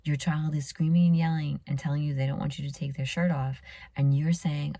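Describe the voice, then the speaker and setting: A middle-aged woman, a pediatrician hosting a podcast, giving earnest parenting advice and often dropping to a hushed near-whisper. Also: low voice, fairly even intonation, moderate pace, dry recording.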